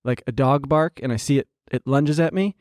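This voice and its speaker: A man co-hosting a podcast, telling a story in casual chat, animated and swearing freely. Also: medium pitch, moderate pace, no echo, clean studio sound. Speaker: podcast co-host.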